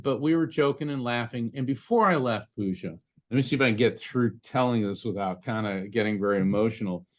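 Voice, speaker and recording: Halting, storytelling man, podcast guest. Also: mid-range voice. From United States. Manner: halting, repeats words, warm storytelling. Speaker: psychic medium and attorney, podcast guest. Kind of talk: emotional personal storytelling.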